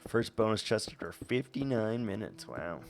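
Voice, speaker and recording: A man's voice: on the low side, very animated, normal speed, creaky, soft background music. A young man streaming a game, chatting casually and rambling with stumbles and restarts. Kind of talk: casual gameplay chat.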